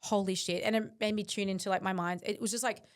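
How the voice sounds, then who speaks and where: A woman's voice: mid-range voice, steady tone, quick pace. A woman, a guest on a podcast, speaking earnestly and intensely about her mindset, with frequent fillers. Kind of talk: reflective interview talk.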